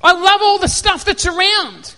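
A preacher voicing God as a delighted creator, listing what he loves in a warm, admiring way. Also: very high-pitched, normal speed, pitched above the performer's own voice, exaggerated voice. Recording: echoey hall.

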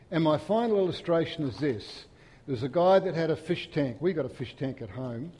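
A man's voice: on the high side, animated, normal speed, husky. Impassioned preacher man in a reverberant church. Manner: impassioned, rising to loud emphatic peaks then dropping soft. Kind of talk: sermon. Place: church hall.

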